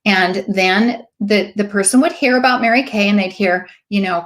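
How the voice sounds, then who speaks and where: A woman in her late fifties, a sales director giving a motivational talk, telling lively stories and acting out the voices of people she quotes. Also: medium pitch, moderate pace. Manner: emphatic, preachy asides.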